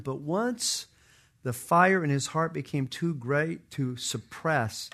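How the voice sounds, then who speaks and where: A middle-aged man delivers a sermon in a slightly high voice. He speaks earnestly and presses his points through emphatic repetition. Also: a bit bright. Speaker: preacher.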